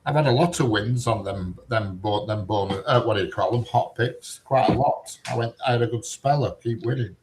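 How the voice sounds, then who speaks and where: A man spins stories in an easygoing group chat. He talks bluntly, swears now and then and chuckles at his own anecdotes, all at a mid pitch. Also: normal speed, hardly any pauses, darkish tone, a little hiss or hum. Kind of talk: casual chat.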